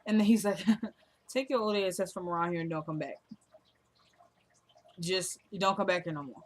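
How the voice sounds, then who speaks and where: A TV show reviewer chats casually in her vlog, her fairly low voice moving at a normal pace as she recaps an episode. She acts out both characters' lines while retelling scenes, staying animated and talkative and calling her viewers "y'all."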